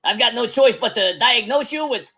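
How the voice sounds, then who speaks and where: A voice actor playing a smug cartoon doctor who gives bad news in a dry, mocking, deadpan way. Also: medium pitch, normal speed, slightly rough, soft background music, exaggerated voice. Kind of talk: cartoon parody voice acting.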